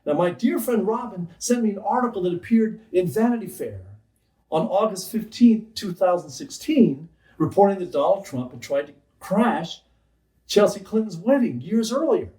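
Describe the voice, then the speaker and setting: Lively, wry comic storyteller, a man. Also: sits high, moderate pace. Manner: playful and wry. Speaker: comedian telling a story. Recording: roomy, distant mic. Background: faint background music.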